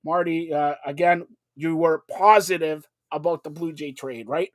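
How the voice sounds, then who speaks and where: A man hosting a casual sports talk show, excitable, often stammering and repeating words. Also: on the high side, moderate pace. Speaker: host.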